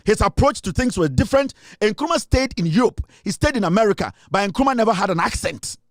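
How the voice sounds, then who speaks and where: A man's voice: high-pitched, expressive, fast, no echo, clean studio sound. A man with a Ghanaian accent delivering a heated, scornful political rant, repeating himself and mixing in Twi. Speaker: political commentator.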